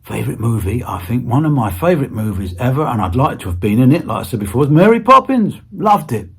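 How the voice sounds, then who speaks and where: A man's voice: medium pitch, big pitch swings, fast, husky. A British man as an interview guest, chatting casually in a playful, rambling way with stammered restarts. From Britain. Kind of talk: casual chat.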